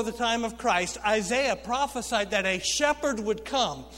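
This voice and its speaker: Man, pastor, high pitch, preaching to a congregation, reverberant church sanctuary. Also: unhurried, a bit bright. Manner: storytelling preacher, humorous asides to the congregation. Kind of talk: sermon. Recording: long reverb of a church hall.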